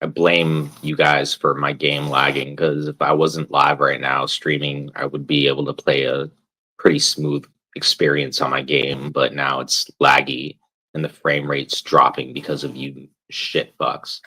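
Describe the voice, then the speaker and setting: A man streaming live rambles in a loose, profane rant, leaning on "like" between every thought. His voice sits low and sounds husky and breathy. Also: monotone, measured pace, bright, forceful tone, rough recording. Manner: rambling, swears constantly, fills with "like". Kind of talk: casual profane rant while gaming.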